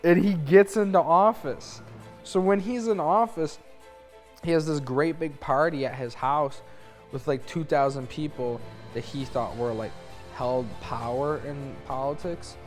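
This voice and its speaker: A man's voice: on the high side, measured pace, faint music behind. A young man retelling history in a loose, rambling, slangy way, dropping into goofy quoted voices for the people in the story. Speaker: student narrator. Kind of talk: drunk history parody storytelling.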